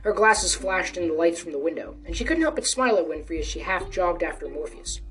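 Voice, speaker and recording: A woman's voice: on the low side, animated, fairly quick, fairly bright tone, slight background noise. A woman narrating a story in a casual reading voice, now and then correcting herself. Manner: casual, with small self-corrections. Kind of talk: storytelling reading of a fan fiction. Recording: distant mic with faint music.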